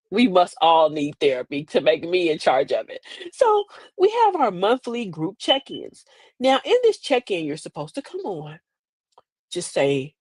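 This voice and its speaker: A woman's voice: lowish voice, dry recording. An older woman hosting a casual comedic chat, sassy and preachy, laughing through her asides. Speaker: host. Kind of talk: casual comedic storytelling to an online audience.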